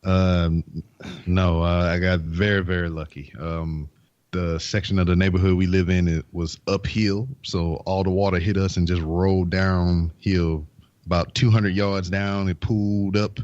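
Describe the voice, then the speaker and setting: A man's voice: low voice, level tone, measured pace, darkish tone, no echo. A man guesting on a podcast, talking in a laid-back drawl with lots of fillers. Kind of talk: casual chat. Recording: dull lo-fi mic.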